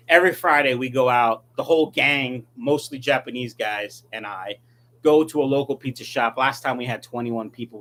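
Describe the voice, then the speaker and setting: A man's voice: medium pitch, a bit bright. A middle-aged man chatting casually on a live stream, reading viewer comments and rambling through his answers. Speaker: fish-breeding YouTuber answering live chat.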